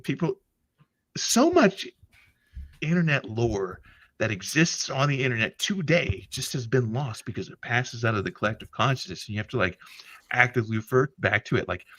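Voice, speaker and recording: Lively, bright-voiced swearing male host. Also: medium pitch, normal speed, dry recording. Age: older than internet youth. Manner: animated, profane, laughs often. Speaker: podcast host. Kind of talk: casual livestream chat.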